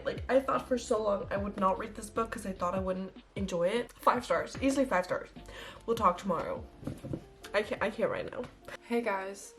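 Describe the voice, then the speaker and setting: An eighteen-year-old woman from Denmark chats to her camera about reading, her talk loose and full of fillers and restarts. Her voice sits at an ordinary middle pitch for a woman. Soft music plays faintly behind her. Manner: chatty, rambling with many likes and restarts. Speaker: book vlogger. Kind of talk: casual vlog chat.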